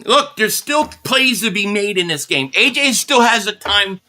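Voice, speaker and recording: A man from the Philadelphia area hosting a live football reaction stream, calling plays as an excited fan and reading out viewer donations. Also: high voice, normal speed. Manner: excitable fan commentary, reading out super chats.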